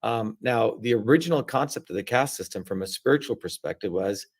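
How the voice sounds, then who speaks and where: A man's voice: on the low side, lively intonation, brisk. A man in his seventies from India, explaining things bluntly as an interview guest and often checking in with "okay?" and "right?". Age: 70s. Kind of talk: casual conversational interview.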